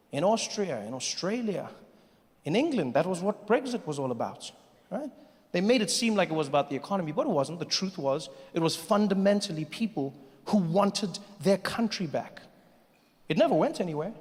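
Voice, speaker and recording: A man from South Africa doing stand-up comedy on a theater stage with a handheld mic, telling stories in a conversational, animated way. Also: sits high. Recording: long reverb of a live theater with faint noise.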